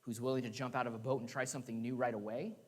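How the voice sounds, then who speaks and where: A man's voice: mid-range voice, little pitch movement, rapid-fire, slightly rough. A man giving a conversational sermon with laughing asides, recorded in a church sanctuary. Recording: long church reverb.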